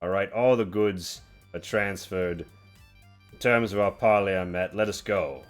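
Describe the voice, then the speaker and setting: A man voicing a gruff old male pirate hand who speaks in clipped, matter-of-fact lines. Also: sits low, a little slow, faint music behind. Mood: brusque.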